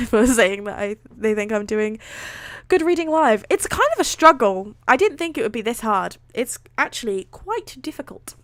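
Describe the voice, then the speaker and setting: A woman's voice: fairly high pitch, no echo, studio quality. A woman streaming live, reading fan fiction aloud between casual chat. She swears freely and makes self-deprecating asides. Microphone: streaming setup.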